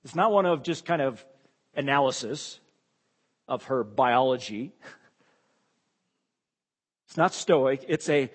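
Guy preaching in a big echoey hall, husky, repeats stuff for emphasis. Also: medium pitch, expressive, takes it slowly, long pauses. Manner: emphatic, repeats key phrases, rises when exclaiming. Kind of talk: expository sermon.

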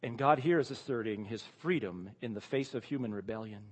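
A man's voice: lowish voice, fairly quick, in a large hall. A man preaching an expository sermon, reading scripture aloud and then explaining it with emphatic rhetorical questions.

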